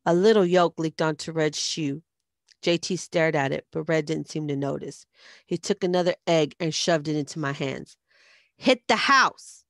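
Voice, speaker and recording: Low, gravelly woman narrating. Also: moderate pace, no echo, studio quality. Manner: steady storytelling. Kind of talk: first-person audiobook narration.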